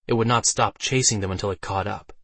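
A man narrating a fantasy audiobook with steady storytelling delivery. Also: on the low side, fast, no echo.

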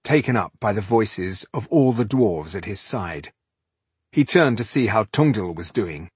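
A man narrates an epic fantasy audiobook in a husky, slightly low voice. His telling is measured and dramatic, and the recording is dry and close, with no room sound. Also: animated, darkish tone, no room sound. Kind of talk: scripted narration.

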